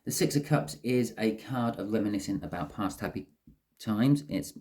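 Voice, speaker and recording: A man's voice: lowish voice, lively intonation, normal speed, warm tone. A man giving a casual, chatty tarot reading to camera, explaining each card as he goes. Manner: chatty, explains as he goes, says "okay" often. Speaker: tarot reader.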